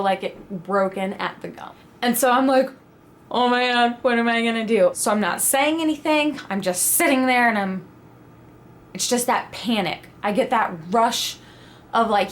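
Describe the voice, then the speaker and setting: A young adult woman telling a personal story in a casual, animated vlog style, acting out her own quoted reactions. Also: medium pitch. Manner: animated, dramatic retelling with quoted asides. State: pregnant (at the time told). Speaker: vlogger.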